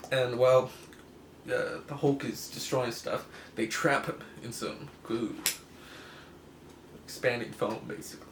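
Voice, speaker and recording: Brief: male host, casual comic review, rambling and chuckling, mid pitch, roomy echo with faint hiss. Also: steady tone, unhurried, pauses often. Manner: rambling, laughs easily, self-correcting. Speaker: comic book video host. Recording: echoey room, faint hiss.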